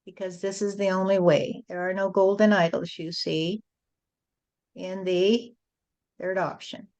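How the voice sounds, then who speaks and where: A woman speaking as a spiritual channel, delivering a message in a slow, repetitive, rhyming preaching cadence. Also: mid-range voice, level tone, a little mellow. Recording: dull lo-fi recording.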